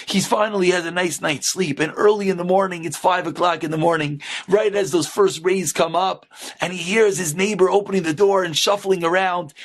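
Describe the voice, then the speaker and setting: Husky, gravelly male storyteller. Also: high-pitched. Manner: animated, acts out characters. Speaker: rabbi. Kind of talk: inspirational storytelling.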